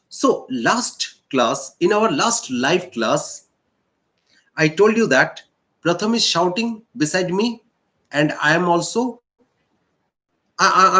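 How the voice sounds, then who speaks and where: A male teacher with an Indian English accent, slowly explaining a physics lesson and repeating key points. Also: high voice, lively intonation, bright, forceful tone. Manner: slow, repetitive explaining. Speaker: science teacher.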